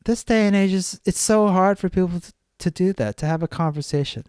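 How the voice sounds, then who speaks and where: A man's voice: high voice, brisk, a little mellow, clean tone, no echo, clean studio sound. A man hosting a solo podcast, talking bluntly and rambling, with lots of swearing. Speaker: podcast host. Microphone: studio podcast mic.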